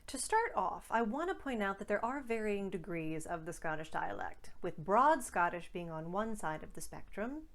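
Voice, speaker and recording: Woman speech coach, scripted tutorial read, crisp deliberate enunciation, mid pitch. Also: very animated, slight background noise.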